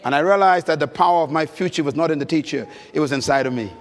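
A man's voice: a little high, quick pace. A male preacher giving an emphatic sermon at a conference, telling stories and prompting his audience. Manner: emphatic, storytelling, engaging the audience with questions. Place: large conference hall. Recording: long reverb of a large hall.

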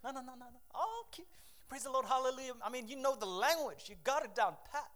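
A man preaching a sermon to a church congregation, swinging from loud exhortation to hushed, emotional confession. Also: very high voice, animated, fast. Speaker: pastor. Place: church service.

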